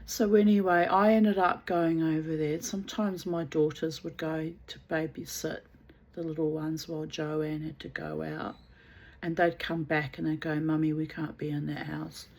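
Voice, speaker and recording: A woman's voice: low voice, fairly even intonation, normal speed, a little mellow, low-quality recording. A woman telling a personal story in a blunt, casual way, swearing freely and laughing at herself.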